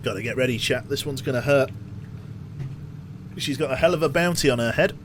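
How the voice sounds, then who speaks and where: A man's voice: medium pitch, brisk. Male streamer, mid-range voice, casual running commentary to chat, heavy game engine noise underneath. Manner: chatty, thinks aloud, talks to chat.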